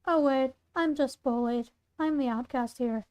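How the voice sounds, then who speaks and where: A woman voicing a lonely outcast monster girl who kills, speaking slowly with menace, as she reads a fan story aloud. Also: sits high, darkish tone, smooth. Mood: menacing. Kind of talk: reading a fan story aloud, doing voices.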